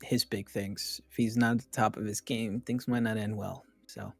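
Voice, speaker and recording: A man's voice: on the low side, steady tone, moderate pace, vocal fry, breathy edge, no room sound, faint music behind. A man playing a tabletop game, talking in character in a plain, easygoing way. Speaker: player.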